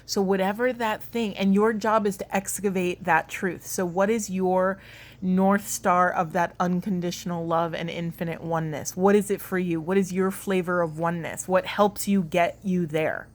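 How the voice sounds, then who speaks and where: A woman's voice: lowish voice, fairly even intonation, normal speed. Earnest woman giving a spiritual card reading. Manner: earnest, rambling, emotional. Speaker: tarot card reader.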